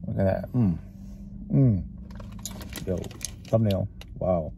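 A man's voice: low-pitched, slow pace, gravelly, lo-fi sound, background noise. A man with a Texas-sounding drawl vlogging casually as he eats in his parked car, rambling and chatty, talking between bites. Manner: rambling, chatty, talks while chewing. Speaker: food vlogger. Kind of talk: casual eating vlog. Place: parked car with engine running.

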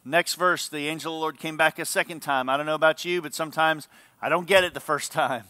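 A man's voice: on the high side, fairly even intonation, fast, sharp tone, no room sound. A male pastor giving an earnest, emphatic sermon.

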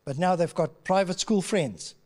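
A man's voice: high-pitched, moderate pace, darkish tone. A man preaching from the pulpit in an easy, storytelling way, acting out both sides of a conversation. His voice carries the long reverb of a large church hall. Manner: conversational storytelling, acts out dialogue. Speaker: pastor. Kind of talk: sermon with personal stories. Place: church auditorium.

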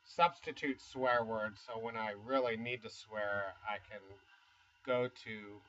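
A man's voice: fairly low pitch, steady tone, slow pace, fairly bright tone, muffled recording. A man in his fifties from the United States, rambling casually and self-deprecatingly in a vlog, with chuckling asides. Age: 50s. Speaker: YouTuber. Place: home studio.

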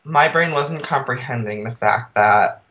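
A woman's voice: a bass voice, unhurried, background noise. A woman teasing her friend during a casual gaming chat, sassy and crude, breaking into sing-song bits.

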